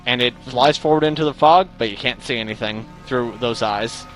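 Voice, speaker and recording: A man narrating a tabletop game as game master in a relaxed, deadpan way, with faint music behind. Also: medium pitch, normal speed.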